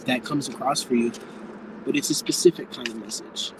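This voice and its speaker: A man's voice: medium pitch, brisk, noisy background. A man giving a live tarot reading to viewers, speaking frankly and campily, calling people darling and swearing freely. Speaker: tarot reader.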